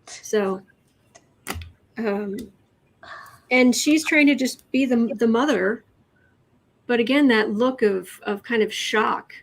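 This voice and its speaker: Halting woman host doing a tarot reading. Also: on the high side, vocal fry. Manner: halting, many fillers and restarts; mimics the person she reads about. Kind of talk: casual tarot reading chat.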